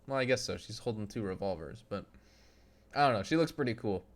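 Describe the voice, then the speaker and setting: A man's voice: fairly low pitch, expressive, a little fast. A young adult man hosting a casual game live stream. He reads out and answers chat in a loose, joking way and laughs often. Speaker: gaming streamer.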